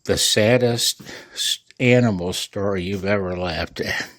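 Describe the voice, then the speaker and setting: Sleepless hobbyist vlogger, man, low and unhurried, chuckles through his stories. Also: a bit bright, no echo. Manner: chuckling, rambling storyteller. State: sleepless, late at night. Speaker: amateur radio vlogger. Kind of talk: casual chat to camera.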